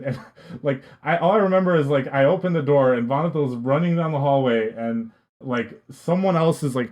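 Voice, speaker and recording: A man's voice: mid-range voice, a little mellow. A young man and podcast guest, telling a casual story in a rambling way with many restarts. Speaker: podcast guest, esports coach.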